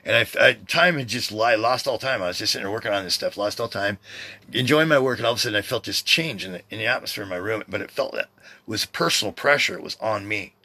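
A man's voice: lowish voice, quick pace, pushed and bright, no room sound. A man in his fifties hosting a podcast from his home, talking in a loose, meandering way that keeps interrupting itself. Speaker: podcast host. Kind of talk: rambling personal monologue. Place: home room by his computer.

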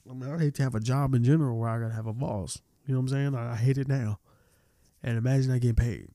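A young adult man hosts a podcast solo, ranting casually with lots of swearing, rambling and sounding exasperated, his nose stuffed up from allergies. His medium-pitched voice is steady, warm, and fast, captured in studio quality with no echo.

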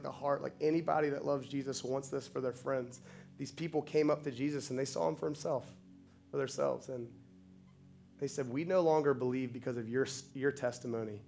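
A man's voice: mid-range voice, vocal fry, dark tone. A man preaching a sermon with passion, building to emphatic, repeated lines. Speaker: pastor.

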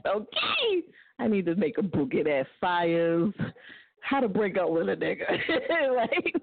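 A woman hosting a casual call-in radio show, joking loudly and laughing often. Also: fairly low pitch. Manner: loud, joking, laughs often, puts on voices for quotes. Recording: tinny phone-line sound, dry.

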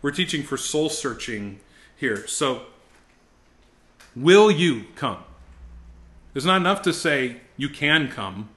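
Male ministry instructor, middle-aged, sharp bright voice, fervent classroom delivery, repeats himself as he builds. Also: mid-range voice, lively intonation, unhurried. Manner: intense, emphatic, rising to fervent exhortation; frequent word repetitions and restarts. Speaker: ministry school teacher. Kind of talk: classroom teaching on preaching.

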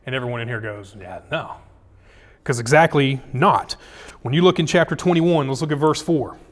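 A man preaching a casual, jokey sermon, acting out scripture quotes with dramatic swings in loudness and pitch. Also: a little fast. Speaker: pastor.

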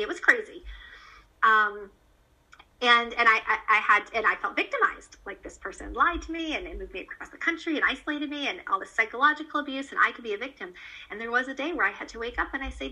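A woman speaking as an interview guest about her child, earnest and animated, with frequent fillers and restarts. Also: a little high, fast talker, rough recording. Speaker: guest, parent of a child cancer survivor. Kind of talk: candid conversational interview.

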